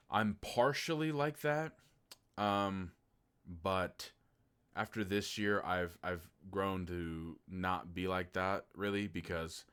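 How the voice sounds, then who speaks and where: Sarcastic, low-voiced man from Oklahoma. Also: clear, resonant tone. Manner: animated and sarcastic, swears freely; acts out incredulous reactions in a raised voice. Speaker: movie reviewer. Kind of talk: casual spoken movie review.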